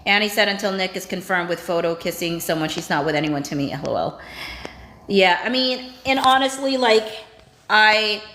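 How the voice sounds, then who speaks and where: In a roomy, echoing space with a little hiss or hum, a woman reads live-chat comments aloud and chats in reaction. Her medium-pitched voice is animated and somewhat bright, at a moderate pace.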